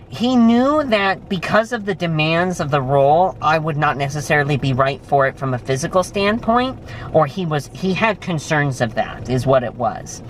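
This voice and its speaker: Animated young man telling stories. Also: moderate pace, a little hiss or hum. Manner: animated storytelling, jumps high when excited. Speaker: vlogger. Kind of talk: casual chat. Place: restaurant, indoors.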